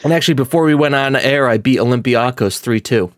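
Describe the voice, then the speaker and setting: A man co-hosting a stream in casual banter, stumbling and restarting his sentences often. His voice sits at an ordinary middle pitch. It is close-miked and dry, with no room sound around it. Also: quick pace, no room sound. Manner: rambling, stumbles over words. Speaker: co-host of a live-streamed podcast.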